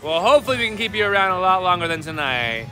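A high-pitched man with a lively, bouncing delivery, joking and laughing as he hosts a casual live stream. He reads chat aloud over loud slot machine music on a casino floor. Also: fast. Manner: playful, laughs often, teasing banter.

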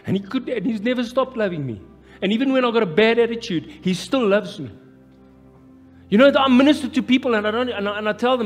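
A man's voice: high voice, lively intonation, fast talker. A South African pastor with an Afrikaans-tinged accent preaching a live sermon, impassioned and repeating his phrases. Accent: South African, Afrikaans-influenced. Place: church hall. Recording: live church hall reverb with music.

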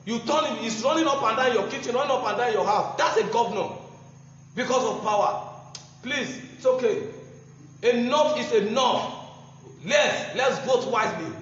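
This political speaker's voice is extremely high and a bit bright, moving at a moderate pace. Speaking with a Nigerian accent, he mocks and combats his opponents, hammering phrases through repetition, in an echoey room captured with dull, lo-fi sound and faint noise.

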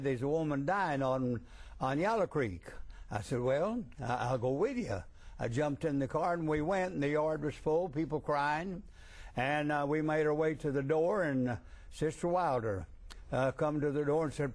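A man's voice: on the high side, darkish tone. An older man who is a preacher, telling a miracle story in plain folksy speech. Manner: plain rural speech, unhurried. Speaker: preacher guest. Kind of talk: folksy testimony.

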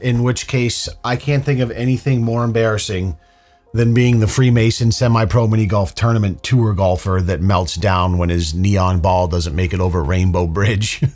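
A man hosting a reaction video, riffing on clips with sarcastic, mock-serious rants. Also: fairly low pitch. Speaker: commentary video host.

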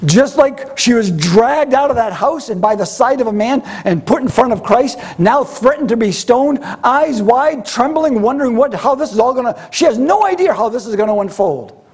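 A man's voice: extremely high pitch, animated, moderate pace, few pauses, darkish tone, husky. A man preaching a sermon, asking his listeners rhetorical questions and repeating key phrases for emphasis. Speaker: pastor.

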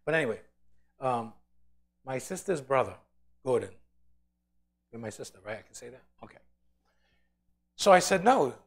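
A man's voice: mid-range voice, very animated, normal speed, pauses often. A man teaching a Bible study in an informal sermon style, telling stories animatedly and acting out the voices of the people in them.

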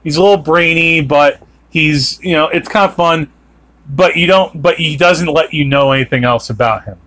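Male podcast host, somewhat high voice, loose rambling delivery full of fillers. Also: moderate pace, a bit bright. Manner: rambling, lots of fillers like "like" and restarts. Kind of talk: casual chat.

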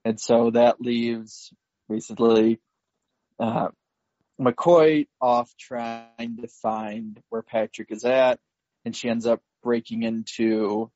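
Guy co-hosting a movie podcast, slow and rambly, dry dullish mic sound. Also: medium pitch, flat delivery, a little mellow, no echo, muffled recording. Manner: slow, rambling recap with frequent fillers and laughs. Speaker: podcast co-host. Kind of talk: casual movie recap chat.

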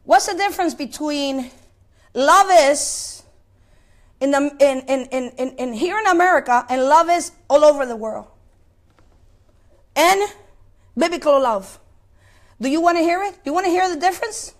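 A woman's voice: high-pitched, animated, normal speed, pauses often. A woman preaching a sermon, asking the congregation questions and repeating words as she searches for the next phrase. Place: place of worship.

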